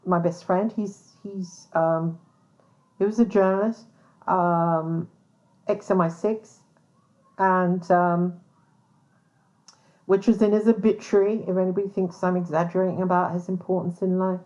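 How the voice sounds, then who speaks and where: A woman's voice: on the low side, steady tone, measured pace, long pauses, a little mellow. A woman hosting a podcast, talking bluntly in a casual monologue, with lots of swearing, "um"s and restarts. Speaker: podcast host, private investigator. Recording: dull lo-fi sound.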